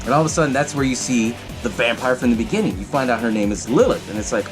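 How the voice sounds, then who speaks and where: A man hosting a podcast, casually recapping a film in a profane, animated way and acting out the characters' lines. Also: medium pitch, quick pace, few pauses, music in the background. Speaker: podcast host.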